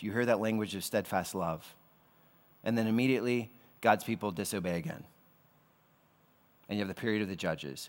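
Man preaching in a reverberant hall. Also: lowish voice. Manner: casual, conversational preaching with slang asides. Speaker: pastor. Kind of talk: sermon.

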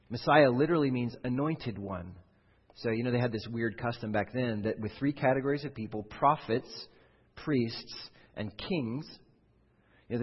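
Husky pastor preaching in a reverberant hall. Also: male voice, mid-range voice. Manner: conversational, explains with rhetorical questions. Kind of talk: sermon. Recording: dull sound with long hall reverb.

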